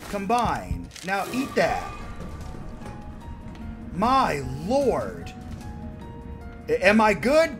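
A man playing a horror game and commenting, panicky, yelling and swearing at the enemies. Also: sits high, huge pitch swings, drawn-out words, long pauses, over music. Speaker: gamer. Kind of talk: let's play commentary.

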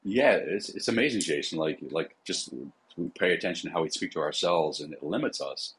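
Husky low-voiced man, casual chat. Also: animated, a little fast, a bit bright, poor audio. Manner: casual, conversational, many "like" fillers. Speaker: psychotherapist and coach. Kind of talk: podcast interview.

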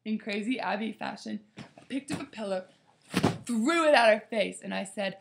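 A woman's voice: medium pitch, moderate pace, gravelly. A woman giving an earnest devotional talk as a youth Bible study leader, acting out quotes with feeling. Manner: earnest, preaching, acts out quotes dramatically.

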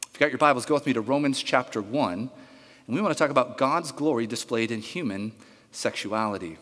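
Male pastor, sermon, animated storytelling, acts out voices, long hall reverb. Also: mid-range voice, brisk. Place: church sanctuary.

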